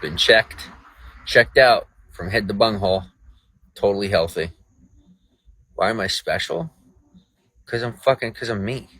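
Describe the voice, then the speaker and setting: A man's voice: fairly low pitch, a little slow, pauses often, bright, forceful tone, husky, no room sound. A man on a livestream chatting casually with viewers, crude, profane and riled up.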